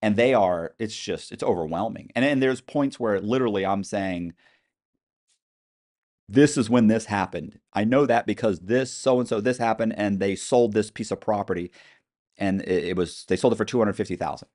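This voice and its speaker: A middle-aged man telling animated stories as a podcast guest, acting out quoted voices with some swearing. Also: on the low side, moderate pace. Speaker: interview guest. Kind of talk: storytelling in a podcast interview.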